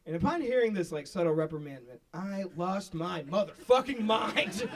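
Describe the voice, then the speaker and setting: A man doing a stand-up comedy set, telling stories in an animated way that breaks into high excited shouts. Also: fairly quick, few pauses, a crowd in the background. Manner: animated storytelling, shouting into squeaky high bursts when excited. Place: small live venue with audience. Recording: live club recording, mic at a distance, audience laughter.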